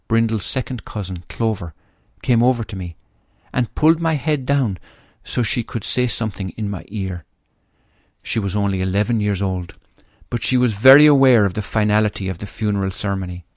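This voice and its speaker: A man's voice: lowish voice, darkish tone, no room sound, clean studio sound. A man reading aloud from his own memoir in an earnest, grieving way, then talking about it.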